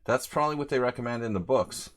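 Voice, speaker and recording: A man's voice: medium pitch, fast talker, a bit bright. A man streaming chess live, rambling chattily between moves and reading out viewer names in casual commentary. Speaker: chess streamer playing a simul. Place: lives in Hungary.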